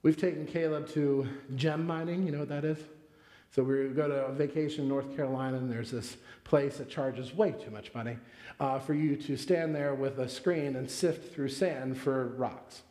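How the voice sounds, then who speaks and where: A man's voice: mid-range voice, fairly even intonation, moderate pace, dark tone. A man in his thirties preaching a sermon in a church, conversational and full of personal stories. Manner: conversational, storytelling with personal anecdotes. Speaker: pastor. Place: church sanctuary. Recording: echoey church hall with long reverb.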